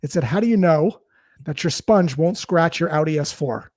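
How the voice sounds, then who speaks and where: A man with a fairly high voice, speaking as a guest in an interview. He explains sales ideas in a relaxed way through stories and acted-out dialogue. The sound is dry, with almost no room echo. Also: moderate pace. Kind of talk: conversational interview storytelling.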